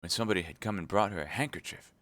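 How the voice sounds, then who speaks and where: A man reading a hushed, confiding count. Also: low-pitched, rapid-fire, no room sound. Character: loyal male count, agent reporting secretly.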